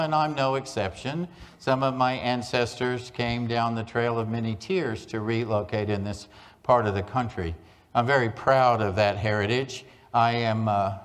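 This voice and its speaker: A folksy man delivers a humorous keynote and spins joke after joke at a mid pitch. His voice rings with the long reverb of a large conference hall. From Oklahoma, USA. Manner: folksy joke-telling storyteller. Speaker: keynote speaker.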